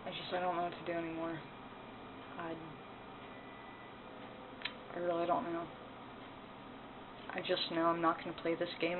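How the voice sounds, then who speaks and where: A woman ranting in a personal vlog, angry, upset and emotional, swearing as she talks. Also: on the low side. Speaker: vlogger. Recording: tinny phone-like sound, faint noise.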